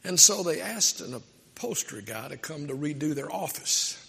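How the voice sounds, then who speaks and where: A man's voice: a little high, very animated, normal speed, vocal fry, pushed and bright, slightly rough, in a large hall. A man preaching a sermon, telling stories in a conversational, emphatic way. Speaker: pastor.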